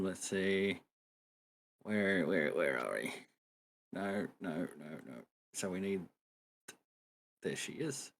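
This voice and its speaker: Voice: low-pitched, a bit bright, slight background noise. A player in a streamed tabletop game, talking through a move with fillers and repeated words. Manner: hesitant, thinks aloud with fillers and repeats. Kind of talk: casual tabletop game chat.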